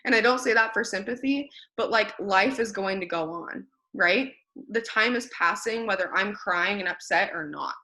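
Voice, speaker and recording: A woman's voice: mid-range voice, moderate pace, few pauses, sharp tone. A young woman leading her team on a video call, giving a blunt, tired pep talk with some swearing. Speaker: team leader.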